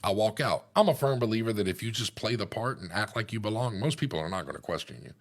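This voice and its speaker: Very deep-voiced matter-of-fact man. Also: animated, fast talker. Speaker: storyteller. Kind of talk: casual spoken storytelling.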